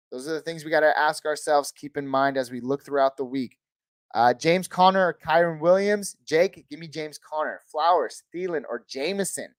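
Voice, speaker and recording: A man from Northern California hosting a live fantasy football Q&A, reading chat questions and giving quick, casual verdicts on who to start. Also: on the high side, no echo. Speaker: fantasy football livestream host.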